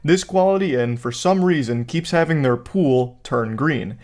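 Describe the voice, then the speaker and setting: A man giving casual comedic commentary, joking in a deadpan, mock-serious way. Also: mid-range voice, a little slow. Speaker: online commentator.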